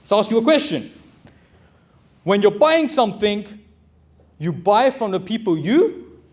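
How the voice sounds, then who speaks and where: Male, 30s, high voice, motivational speaker, plain-spoken and pushy. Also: very animated, a little slow. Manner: direct, exhorting, addresses audience as brothers. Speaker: motivational speaker and recruitment business owner. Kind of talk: motivational talk to a live audience.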